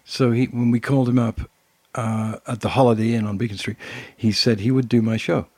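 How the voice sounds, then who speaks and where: An older man with a British accent, co-hosting a casual talk show and spinning animated anecdotes. His voice is husky. The sound is dry and close. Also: medium pitch, fairly quick, no echo. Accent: British English. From Britain. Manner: animated storyteller who acts out quotes. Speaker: podcast co-host. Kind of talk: casual conversation, telling anecdotes.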